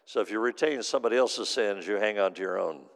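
A middle-aged man preaching a sermon as pastor, telling stories and swinging from hushed to loud. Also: fairly low pitch, fast. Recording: long hall reverb.

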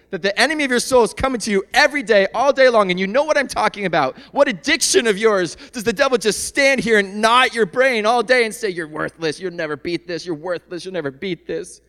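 A man preaching a sermon in a large church hall, his voice a little higher than most men's. The long reverb of the room trails after each phrase. He swings from soft, tender passages to fervent shouting, laughing often between points. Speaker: pastor.

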